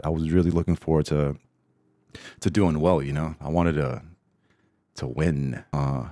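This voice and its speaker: A man's voice: rumbling low, warm tone, dry recording, clean studio sound. A man hosting a solo podcast, chatting in a rambling, laid-back, self-deprecating way. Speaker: podcast host. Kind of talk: casual solo podcast chat.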